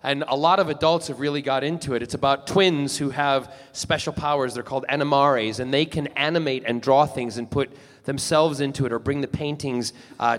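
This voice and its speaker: A chatty man, a guest on a live podcast, telling stories with plenty of restarts and asides. His voice sits at a middling pitch. A long reverb tail from the theater follows each phrase. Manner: animated, chatty storyteller with restarts. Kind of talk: casual live podcast chat. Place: theater stage.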